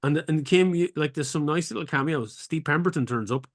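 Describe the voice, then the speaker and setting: A man's voice: a little high, brisk, no echo, clean studio sound. A man co-hosting a podcast in casual chat, enthusing about a series in long rambling turns. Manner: rambling enthusiast with many restarts and fillers. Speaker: podcast co-host.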